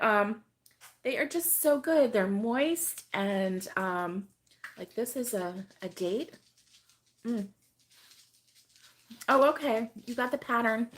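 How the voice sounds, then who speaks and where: A middle-aged woman who hosts a crochet channel runs a casual live stream, chatting with viewers by name and laughing often. Her slightly high voice is still hoarse from being sick, and there's slight background noise.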